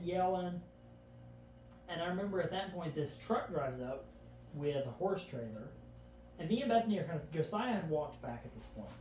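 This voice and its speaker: A man's voice: fairly high pitch, a little mellow. A man in a casual podcast chat, earnestly retelling events in vivid detail, often starting with "I remember". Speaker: podcast guest. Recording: echoey room, far from the mic, faint background hum.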